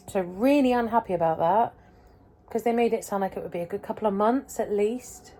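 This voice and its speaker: A woman vlogging a casual weekly update, rambling and hesitant, often pausing and mocking herself. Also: medium pitch, dark tone. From England.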